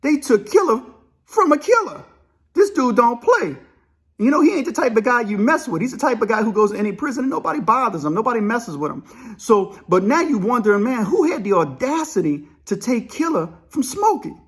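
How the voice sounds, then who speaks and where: Male storyteller, high pitch, animated and conversational, acts out every quote. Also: a little fast, breathy edge. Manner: animated, acts out quoted dialogue, peppers speech with "man" and "you know". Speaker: storyteller recalling prison life. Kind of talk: casual spoken storytelling.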